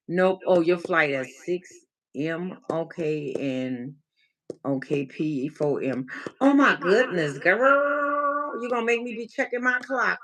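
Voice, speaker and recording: A woman's voice: fairly low pitch, a bit bright, low-quality recording. A woman life coach hosting a casual livestream check-in. She is playful and chatty, answers viewers by name, calls them baby and mixes in encouragement and faith talk.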